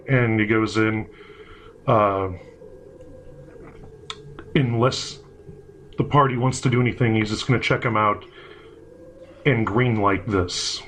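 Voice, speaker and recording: A man's voice: on the low side, steady tone, takes it slowly, pauses often, fairly bright tone, slight background noise. A man running a tabletop game as game master, narrating casually with swearing and loose asides. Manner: casual, swearing, rambling with fillers.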